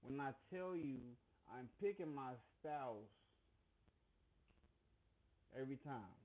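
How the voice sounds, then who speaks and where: A married man speaking slowly and earnestly in a casual monologue, sounding a little preachy. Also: medium pitch, expressive. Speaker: married man giving his view. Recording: phone-like, lo-fi audio.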